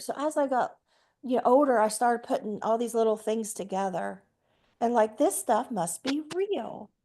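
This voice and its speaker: A woman's voice: fairly high pitch, darkish tone. A woman in her sixties, speaking earnestly and emphatically as a guest at a group meeting, telling a personal story and acting out what people said. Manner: earnest and emphatic, acts out quoted speech. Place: meeting room.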